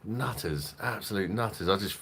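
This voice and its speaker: A man's voice: lowish voice, normal speed, vocal fry, fairly bright tone, breathy edge. A young man with a London accent hosting a casual live stream, reading out chat, swearing and laughing often. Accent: London English. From London, England.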